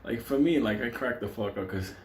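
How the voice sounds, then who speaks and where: A man telling a profane, animated story in casual vlog style, laughing often and acting out quotes. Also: mid-range voice, brisk, reverberant, slight background noise. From New York City. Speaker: storyteller vlogger.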